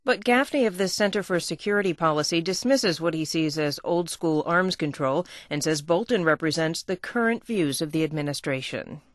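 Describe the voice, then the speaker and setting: A woman news reporter reads her story in a measured, even way. The studio sound is dry and close, with no room behind her voice. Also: sits low, no room sound.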